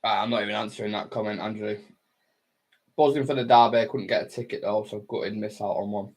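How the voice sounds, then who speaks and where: A man's voice: lowish voice, fairly even intonation, fairly quick, a little mellow. A young man from Manchester, hosting a casual football watchalong livestream, swearing and bantering with his chat close to the mic. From Manchester, England. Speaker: fan channel livestream host. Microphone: close mic, eating into it.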